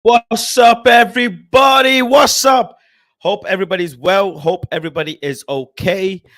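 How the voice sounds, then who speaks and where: Animated young man ranting. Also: high voice. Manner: frustrated, swearing, animated. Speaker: football streamer. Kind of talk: casual live-stream rant. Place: home room.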